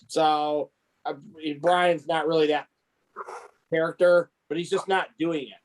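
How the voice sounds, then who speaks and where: A man's voice: a little high, rough recording. A man co-hosting a podcast, telling rambling stories in casual chat with many restarts. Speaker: podcast co-host.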